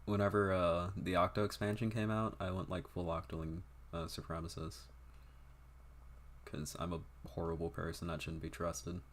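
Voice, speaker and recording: Very low-voiced young man chatting offhand. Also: level tone, normal speed, a little hiss or hum. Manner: rambling, profane, offhand. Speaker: game streamer. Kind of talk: casual livestream chat.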